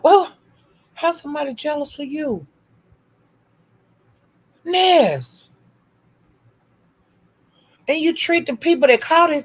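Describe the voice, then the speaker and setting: A woman's voice: sits high, a bit bright. Profane trash-talking woman streamer. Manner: profane, taunting, repetitive insults; calls out to chat viewers by name. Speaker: livestream host.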